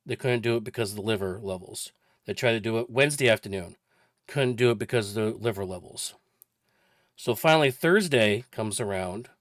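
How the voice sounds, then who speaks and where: A man in his forties tells a personal story in a loose, rambling vlog style, piling on detail as he goes. His voice sits at an ordinary middle pitch. It is recorded close and dry, with no room sound. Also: no room sound. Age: 40s. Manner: chatty, rambling recounting with detail. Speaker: vlogger.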